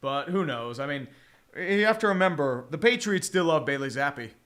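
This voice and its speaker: Bright, high-voiced excitable male streamer. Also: normal speed. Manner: excitable and profane, with mock play-by-play calls. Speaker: streamer hosting a game watch-along. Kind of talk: casual live game commentary.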